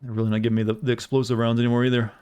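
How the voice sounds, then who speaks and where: Fast-talking man streaming a game. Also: mid-range voice, level tone, mellow, a little hiss or hum. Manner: teasing, evasive, talks over gameplay. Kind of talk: casual gaming commentary to chat.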